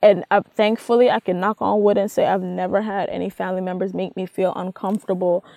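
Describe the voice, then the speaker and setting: A woman's voice: mid-range voice, little pitch movement, fairly quick, creaky, dark tone, no room sound. A young woman co-hosting a podcast, talking bluntly and profanely in casual chat, laughing often. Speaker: podcast co-host.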